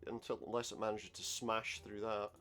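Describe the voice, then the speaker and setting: A man's voice: on the low side, level tone, moderate pace, fairly bright tone. A man playing through an adventure game, commenting wryly and reading the dialogue aloud. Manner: wry, sarcastic asides. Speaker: let's play gamer.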